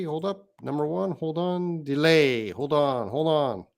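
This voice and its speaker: Man, english teacher, live-stream lesson, slow careful pace, reads comments aloud. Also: fairly high pitch, gravelly. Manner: reads viewer comments aloud, explains patiently.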